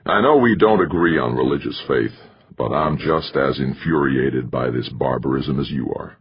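Guy reading a serious middle-aged bishop running a university, super deep gravelly voice, muffled lo-fi sound. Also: full character voice. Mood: earnest. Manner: solemn, measured and consoling. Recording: muffled lo-fi recording.

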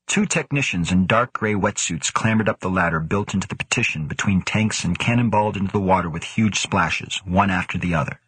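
Male audiobook reader, low and husky, steady pacing, dry booth sound. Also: brisk, few pauses, no echo. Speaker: audiobook narrator. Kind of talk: scripted narration.

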